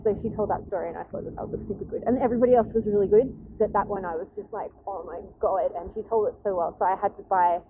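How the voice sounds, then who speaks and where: A woman's voice: mid-range voice, very fast, hardly any pauses. A woman hosting a podcast, chatting casually and rambling through a story with lots of fillers and restarts, recorded outdoors in a city. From Australia. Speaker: podcast host. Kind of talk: casual chat, retelling a story. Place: outdoors in a city, planes overhead. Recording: tinny phone-like recording, faint background noise.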